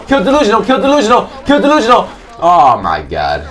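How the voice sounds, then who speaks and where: A young man giving loud, excitable live commentary on a game he is playing, joking crudely and often shouting. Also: sits high, brisk, some chatter behind. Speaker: gaming video creator.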